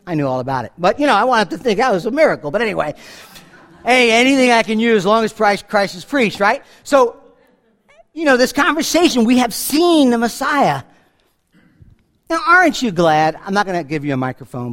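New pastor guy preaching, kinda high voice, goes quiet then loud telling stories. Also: expressive, normal speed. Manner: storytelling preacher, swings from hushed to loud. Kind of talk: sermon.

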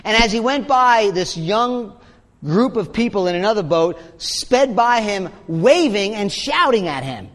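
A man's voice: high-pitched, animated, a little slow, a bit bright. A man preaching a sermon as pastor, in a conversational way with sarcastic asides. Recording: long hall reverb.

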